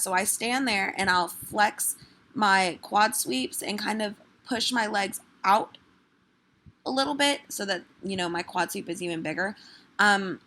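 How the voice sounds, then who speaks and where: A woman's voice: medium pitch, a bit bright. A woman giving an instructional voice-over, explaining posing in a matter-of-fact way. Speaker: fitness vlogger and trainer.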